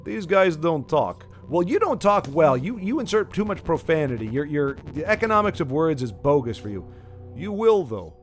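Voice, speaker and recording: A man's voice: a little high, very animated, normal speed, soft background music. A man casually commenting while playing a story game, rambling with restarts and asides. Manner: rambling, self-interrupting asides while reading game dialogue. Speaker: gaming video host. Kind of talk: casual let's play commentary.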